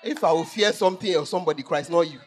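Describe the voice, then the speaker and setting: A male pastor preaching a sermon, swinging between shouts and hushed asides as he teases the congregation. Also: fairly high pitch, fast talker, over music.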